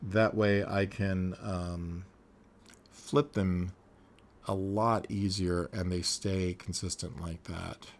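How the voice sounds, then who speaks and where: A man's voice: sits low, fairly even intonation, slow. A man narrating a casual animation tutorial, thinking aloud as he works, with frequent ums and uhs.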